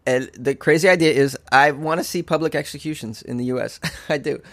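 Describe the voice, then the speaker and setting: A man's voice: fairly high pitch, a little fast, fairly bright tone, no room sound. A male stand-up comedian ranting alone on a podcast, sarcastic and profane, often laughing at his own points. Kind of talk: solo comedic podcast rant.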